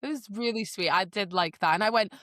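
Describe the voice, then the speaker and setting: A woman's voice: mid-range voice, no room sound, clean studio sound. Chatty woman acting out book scenes. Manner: animated, acts out characters in quick impressions. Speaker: podcast co-host. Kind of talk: casual book discussion.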